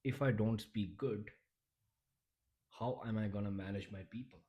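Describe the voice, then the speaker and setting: A man's voice: fairly low pitch, fairly even intonation, moderate pace, breathy edge, muffled recording. A man giving a motivational vlog talk in an emphatic, repetitive and blunt way, often restarting his sentences. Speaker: YouTuber.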